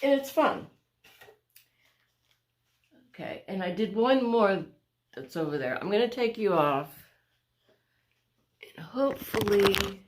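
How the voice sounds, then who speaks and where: A woman casually showing her paintings in a home vlog, rambling, searching for words and correcting herself as she walks along a wall. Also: on the low side. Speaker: vlogger showing her artwork. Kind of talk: casual show-and-tell vlog.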